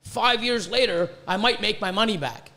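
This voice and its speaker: A man's voice: high voice, moderate pace, pushed and bright. A man hosting a podcast, ranting bluntly with constant swearing about breeding reptiles. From Canada. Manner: profane, heated, blunt.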